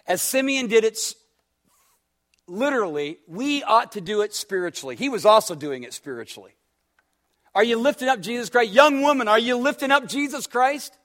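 Male pastor, high-pitched and highly animated sermon delivery full of rhetorical questions. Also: normal speed. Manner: preaching with rising fervor, rhetorical questions; acts out a story with quoted dialogue.

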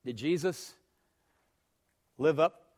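With a slightly high voice and a slow pace, a man delivers a sermon that swings from hushed to loud and emphatic, and he asks the listeners questions along the way.

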